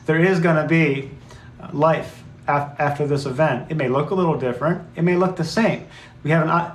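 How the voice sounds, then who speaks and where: A man co-hosting a spiritual talk show, speaking in an earnest, reflective way and coaxing his listeners. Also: a little high. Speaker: co-host. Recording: roomy echo, faint background noise.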